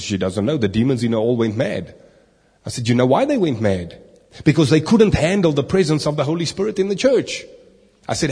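A man preaching, telling a story animatedly and re-enacting the dialogue, with slow, emphatic stresses. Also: mid-range voice, a little mellow, husky. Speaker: pastor. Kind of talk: sermon storytelling. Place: church. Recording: long reverb of a hall.

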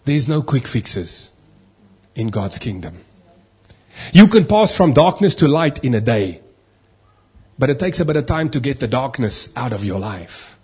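Husky-voiced preacher, rhetorical and emphatic. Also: male voice, medium pitch, a little mellow. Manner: preachy, rhetorical questions, acts out complaining voices. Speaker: pastor. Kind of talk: sermon.

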